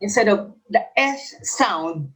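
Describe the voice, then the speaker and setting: Slow-talking male professor with a lisp. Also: high voice, lively intonation, fairly bright tone, poor audio. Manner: reads each question twice, then explains slowly. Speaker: English professor and exam coach. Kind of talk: exam review lecture.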